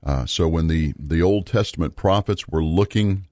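Very deep-voiced earnest man teaching. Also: a little mellow, no echo, clean studio sound. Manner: earnest, measured, with fillers and emphatic repetition. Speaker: Bible teacher. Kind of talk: Bible study teaching.

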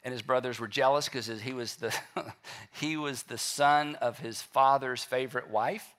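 A man's voice: mid-range voice, measured pace, fairly bright tone. A male pastor giving a sermon in a conversational way, acting out people's inner voices as he speaks.

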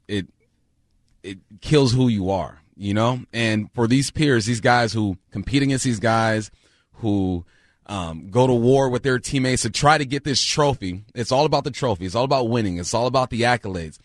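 A man's voice: mid-range voice, expressive, moderate pace, no room sound, studio quality. A male co-host giving blunt takes in casual sports talk, leaning on stock phrases. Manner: blunt, repeats himself.

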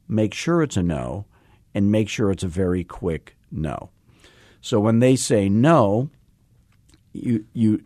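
Male sales coach, quick talker, low voice, dry close sound, jokey. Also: dark tone, no room sound. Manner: fast-talking, admits talking too fast; jokey and self-deprecating while instructing. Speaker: real estate sales coach and host. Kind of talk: casual podcast teaching.

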